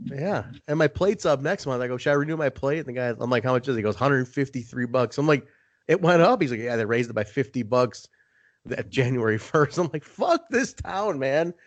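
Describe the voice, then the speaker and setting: A man's voice: medium pitch, fairly quick, dry recording, dull audio. A young man hosting a casual podcast, swearing loosely and acting out both sides of his own stories. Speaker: podcast host.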